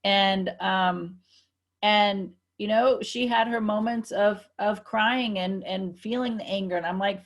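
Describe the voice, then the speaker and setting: A woman's voice: medium pitch, fairly even intonation, slow. A woman co-hosting a casual spiritual talk show, telling stories emphatically and often quoting herself. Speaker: co-host.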